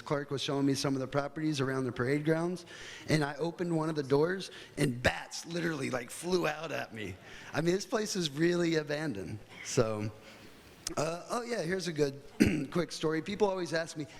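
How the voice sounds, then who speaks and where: Casual American man in a reverberant hall. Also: a little high. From United States. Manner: casual, chatty storytelling with fillers. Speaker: guest speaker. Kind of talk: conference talk. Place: hotel conference hall.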